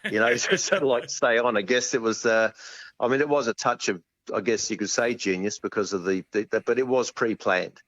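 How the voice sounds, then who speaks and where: A man's voice: on the low side, brisk, a bit bright, no room sound, highs cut off. A middle-aged man as a guest on a live chat show, answering modestly and hesitantly. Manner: modest, hesitant, many fillers. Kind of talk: casual interview.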